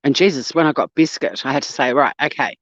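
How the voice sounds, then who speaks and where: A woman's voice: sits low, quick pace, no echo, highs cut off. Blunt, sweary Australian woman vlogging. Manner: blunt and sweary, animated storytelling. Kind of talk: casual walk-and-talk vlog chat. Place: outdoors on a walk.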